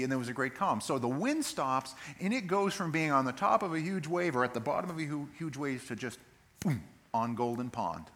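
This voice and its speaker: With a fairly high-pitched voice, this pastor brings his sermon to life through animated storytelling. He performs the voices of the characters as he recounts the story.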